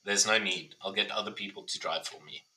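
Sa guy cohosting a podcast, crude banter, says bro a lot, really bright sharp voice. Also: sits low, fairly quick, low-quality recording. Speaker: podcast co-host. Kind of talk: casual chat.

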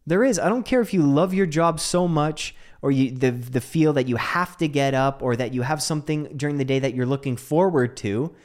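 A young man hosting a casual monologue in a slightly high voice. He jokes and swears freely. He swings between quiet, low asides and high, incredulous exclamations. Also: normal speed, hardly any pauses. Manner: profane, joking.

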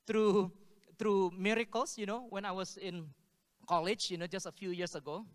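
In a hall with long reverb, a pastor tells stories as part of his sermon, acting out the dialogue with laughter in an animated way. His voice is high-pitched and smooth, at a normal speed.

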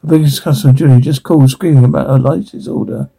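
A man's voice: mid-range voice, steady tone, fast talker, gravelly, dark tone, husky, poor audio. A man reading out film scenes and voicing every part himself, reading cues such as laughing aloud as he goes.

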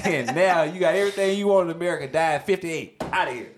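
A man hosting a casual podcast chat, joking and laughing in quick banter. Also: a little high, a little hiss or hum. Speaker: podcast host.

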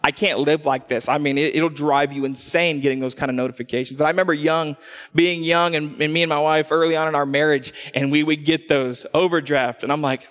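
Pastor preaching in a reverberant hall. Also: male voice, fairly high pitch, brisk. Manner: animated storytelling, acts out quotes. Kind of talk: sermon. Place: church hall.

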